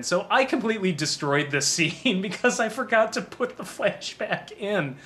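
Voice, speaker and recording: A man's voice: high voice, expressive, moderate pace, hardly any pauses, bright, forceful tone. A man giving a casual DVD commentary on his own film, rambling and self-deprecating and laughing often.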